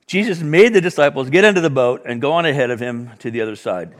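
A middle-aged man preaching a sermon, acting out the dialogue with sudden loud bursts and soft drops. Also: medium pitch, animated, brisk. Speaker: pastor.

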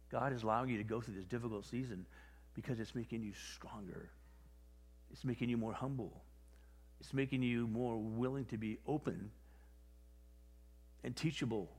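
A male pastor preaching in a casual, animated style, with a voice of ordinary middle pitch. He talks to the congregation like he is chatting with them, slipping into quoted voices as he goes. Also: moderate pace, long pauses, breathy edge, in a large hall. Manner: conversational, animated, acts out quotes. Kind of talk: sermon.

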